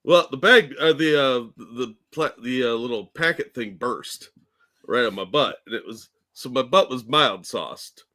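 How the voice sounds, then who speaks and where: A man's voice: medium pitch, a little slow, sharp tone. A man co-hosting a podcast, telling a rambling, self-deprecating story in casual chat. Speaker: co-host.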